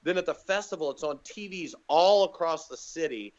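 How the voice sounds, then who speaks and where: A man's voice: moderate pace, dull audio, a little hiss or hum. A man telling stories as a comedian guest on a podcast, casually acting out other people's lines with big jumps in his voice. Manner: animated storyteller, acts out quotes with big pitch jumps.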